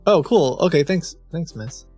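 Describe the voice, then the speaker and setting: A man's voice: on the high side, lively intonation, measured pace, dark tone, faint music behind. A man hosting a stream, chatting casually and telling an amused story. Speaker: streamer host.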